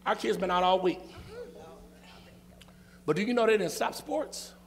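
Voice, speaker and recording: A man's voice: sits high, unhurried. A male pastor, preaching a sermon in a church with rhythmic, repetitive phrasing and call and response.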